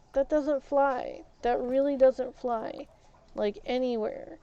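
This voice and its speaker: Frustrated woman streamer, mellow lo-fi voice. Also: fairly high pitch. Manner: frustrated, emphatic, repeats words. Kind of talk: ranting while playing a game.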